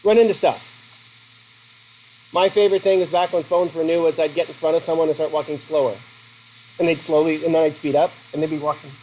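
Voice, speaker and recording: A middle-aged man with a fairly high voice lectures a classroom, joking and chatting as he quizzes his students. A faint hiss of background noise sits under the recording. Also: steady tone, fairly quick, long pauses, mellow, low-quality recording. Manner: joking, conversational, asks the class questions. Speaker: teacher.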